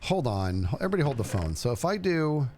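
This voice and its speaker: A man's voice: mid-range voice, a little fast. Guy streaming a game, bouncy up and down voice, goofy chatter, bit of music behind. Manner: animated, jokey, talks to himself while playing. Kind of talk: casual gameplay commentary.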